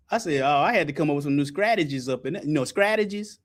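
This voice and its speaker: A man preaches in a high voice that swings all over. He is loud and colloquial, laughing and breaking into shouts. His pitch leaps from line to line. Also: lively intonation, fast talker, few pauses. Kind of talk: animated sermon with scripture call-and-response.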